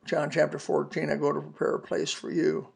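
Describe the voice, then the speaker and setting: Speaking a little fast and in a level tone, a man in his seventies gives a testimony sermon on a podcast. His voice is raspy and gravelly, slightly high for a man, and he tells his story earnestly and folksily while quoting scripture.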